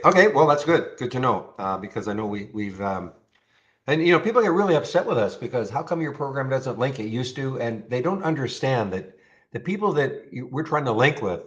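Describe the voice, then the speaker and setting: Hosting a live trading room, a man casually comments on charts and answers viewers, often repeating himself word for word. His medium-pitched voice is fairly bright in tone, and the sound is lo-fi.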